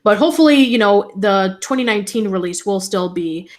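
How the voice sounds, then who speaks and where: A woman's voice: medium pitch, lively intonation, a little fast. Woman cohost chatting casually, lots of ums and uhs, reading out game news. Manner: hesitant, many fillers, reads news items. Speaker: co-host. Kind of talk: casual podcast chat.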